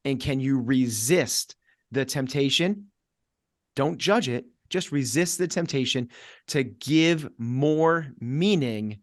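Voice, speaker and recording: A man's voice: medium pitch, no room sound. Middle-aged guy coaching on a podcast, punchy and repetitive, acts out little voices, super dry sound. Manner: energetic, acts out inner voices in quoted asides. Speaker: fitness coach, podcast guest. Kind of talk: podcast conversation.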